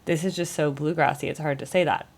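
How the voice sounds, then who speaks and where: Fast and creaky, with fairly even intonation, an American woman's low voice carries her casual commentary on a music reaction channel. She is recovering from a cold and rambles as she thinks out loud.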